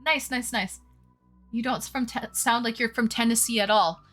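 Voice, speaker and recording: A woman's voice: fairly high pitch, normal speed, fairly bright tone, faint music behind. A woman hosting a casual live stream, chatting with a guest and reading out viewer comments. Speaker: stream host.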